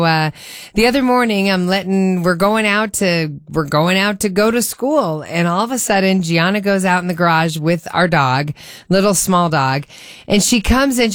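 A woman radio host casually telling a story on air in a chatty, animated way, bringing the people in it to life. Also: fairly low pitch, no room sound, clean studio sound. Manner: chatty, animated, acts out quotes.

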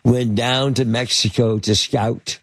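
A man's voice: fairly even intonation, slow pace, fairly bright tone, no echo. An older man telling a rambling anecdote as an interview guest, hesitant and full of fillers and restarts. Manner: acts out quotes with sudden pitch jumps. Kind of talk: anecdotal storytelling.

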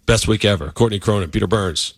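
A man's voice: on the low side, fast talker, vocal fry, dry recording, studio quality. A man hosting a sports radio show, asking questions with playful disbelief and teasing upcoming segments. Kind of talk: casual radio chat and show tease.

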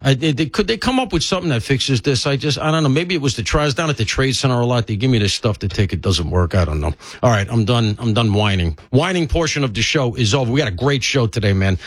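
Lively older New radio host. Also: male voice, medium pitch, fast talker, hardly any pauses, no echo. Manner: chatty, joking, grumbling asides. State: stuffy from allergies. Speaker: fill-in radio talk host. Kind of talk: casual talk radio monologue. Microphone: studio mic.

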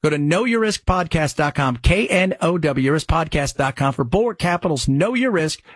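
A talk radio host, a man with a slightly husky, raised voice, rambles from story to story in a loose conversational way. His studio mic sounds dry and close, with no room in it. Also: on the high side, animated, moderate pace, no echo. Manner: rambling, conversational, jumps between topics. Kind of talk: casual radio talk and live reads.

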